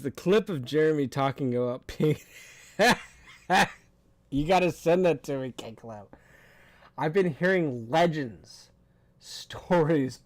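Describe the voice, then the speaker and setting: A man's voice: fairly high pitch, darkish tone, no room sound. A young adult man hosting a livestream, rambling and cursing, laughing often as he reads and answers chat. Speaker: streamer host.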